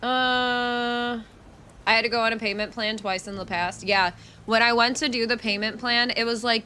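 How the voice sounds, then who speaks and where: Bright-voiced woman streamer, swearing freely. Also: on the high side, steady tone, normal speed, smooth. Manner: frank and profane, answers chat as she goes. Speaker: live streamer. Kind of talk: casual livestream chat.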